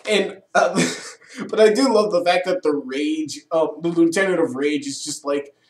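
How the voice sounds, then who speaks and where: Excitable man recapping an episode, echoey room. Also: a little high, unhurried. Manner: enthusiastic, swearing, laughing often. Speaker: episode reviewer. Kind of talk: casual recap review.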